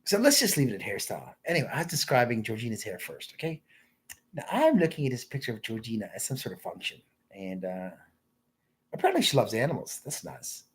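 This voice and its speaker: A man rambling in crude off-the-cuff commentary, mumbling and trailing off into low asides. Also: very animated, quick pace, breathy edge. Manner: crude, rambling, self-interrupting.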